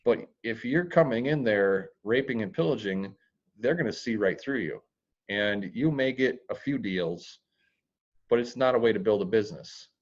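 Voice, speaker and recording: Man, interview guest, low pitch, plain-spoken, dry humor, dull lo-fi audio. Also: expressive, normal speed. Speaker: real estate investor guest. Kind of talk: podcast interview.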